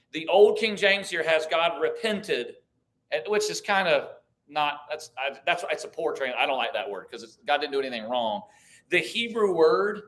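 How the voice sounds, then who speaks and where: A man's voice: fairly high pitch, bright, forceful tone. A man teaching a church Bible class, thinking aloud with restarts, reading verses and asking the group questions. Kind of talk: conversational Bible study teaching.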